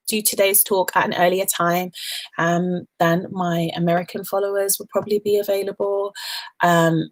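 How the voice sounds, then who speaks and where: A British woman hosting a casual hair care livestream, chatting to viewers with many ums and warm affection toward her audience. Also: medium pitch. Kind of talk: casual live chat answering viewers. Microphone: webcam livestream.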